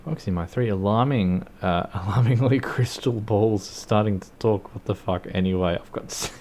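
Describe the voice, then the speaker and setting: A man's voice: lowish voice, normal speed, darkish tone. An Australian man casually commenting on his gameplay in a rambling, laid-back way, swearing and laughing now and then. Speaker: streamer.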